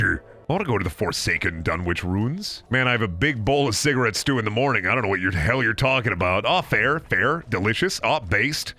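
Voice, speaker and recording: A man's voice: on the low side, lively intonation, fairly quick, pushed and bright, soft background music. A young man chatting casually on a gaming livestream, rambling and joking, often restarting his sentences. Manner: rambling, self-interrupting, joking. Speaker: streamer.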